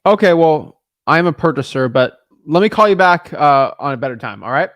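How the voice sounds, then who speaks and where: A man who wholesales real estate, talking casually between cold calls in an animated rant and stumbling over repeated words when he gets worked up. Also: on the high side, moderate pace, no room sound, clean studio sound.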